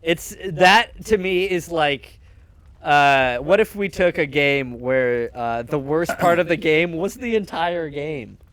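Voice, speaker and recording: A young man chatting casually on a game stream, with deadpan, jokey delivery. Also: on the high side, slow pace, no room sound.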